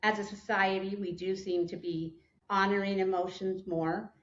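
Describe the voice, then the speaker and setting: A woman therapist and coach in a podcast chat, speaking in a calm, affirming, gently guiding way. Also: medium pitch, normal speed, reverberant, highs cut off. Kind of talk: faith-based conversational podcast chat.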